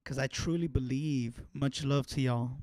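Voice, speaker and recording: A man's voice: mid-range voice, steady tone, normal speed, darkish tone. A man hosting a podcast, reading viewer messages aloud with laughs in casual chat. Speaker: podcast host reading super chats.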